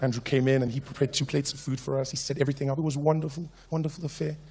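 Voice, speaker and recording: A young man doing stand-up, telling animated stories. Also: medium pitch, racing, slight background noise. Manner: animated storytelling, switches into voices. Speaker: stand-up comedian. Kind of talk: stand-up comedy.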